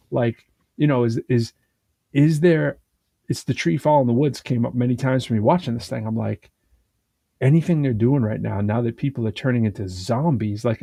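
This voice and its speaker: A man of middle pitch talks casually on a podcast, his voice warm and mellow. He rambles in an animated way, restarting sentences and leaning on fillers. The sound is dry and close. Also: vocal fry, no room sound. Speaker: podcast co-host. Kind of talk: casual conversational chat.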